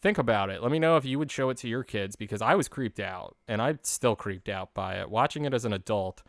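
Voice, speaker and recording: Male podcast host, late twenties, low-pitched, dry close sound, casual chatty recap voice. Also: brisk, no room sound. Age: late 20s. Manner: chatty, animated storyteller. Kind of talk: casual recap of a holiday special.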